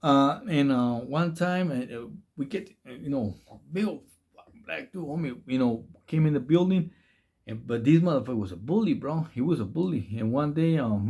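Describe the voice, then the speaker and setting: Profane, slang-filled prison stories come from a man who served time, told casually and ramblingly with many restarts. His voice is on the high side, creaky and dark, with a breathy edge.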